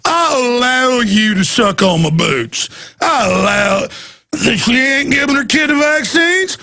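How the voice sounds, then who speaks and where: A man putting on a Southern accent to play a bossy, loud small-town cop. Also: extremely high pitch, sing-song, measured pace, voice pushed up, exaggerated voice. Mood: gloating. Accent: put-on Southern US.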